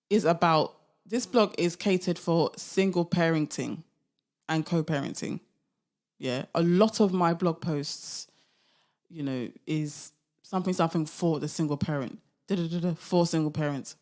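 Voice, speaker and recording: A young woman hosting her own podcast, talking casually and animatedly, often laughing and asking rhetorical questions. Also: fairly low pitch. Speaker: podcast host. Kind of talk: casual solo podcast monologue.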